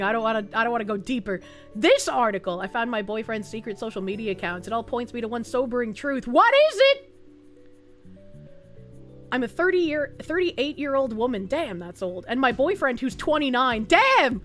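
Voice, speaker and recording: A young woman streams live, chatting casually and crudely with her viewers. She reads out donations and laughs a lot, and her voice keeps leaping up loud and high.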